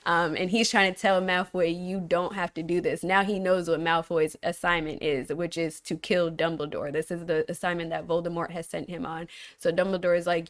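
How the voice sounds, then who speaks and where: A young adult woman co-hosting a casual chat, retelling a story in a chatty, lively way. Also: on the low side, moderate pace, clean tone. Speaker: podcast co-host.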